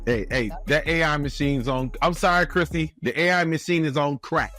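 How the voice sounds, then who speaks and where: A man's voice: fairly high pitch, moderate pace, bright, forceful tone, faint music behind. A man hosting a casual sports talk show, exclaiming and repeating himself as he talks. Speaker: show host.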